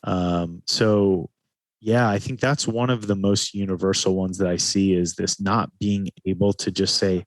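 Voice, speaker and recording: A man, a guest in an interview, speaking in a calm, reflective way and often slowing his speech down. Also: deep voice, no echo. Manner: calm, slows his speech to stress points. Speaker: podcast guest, men's retreat facilitator.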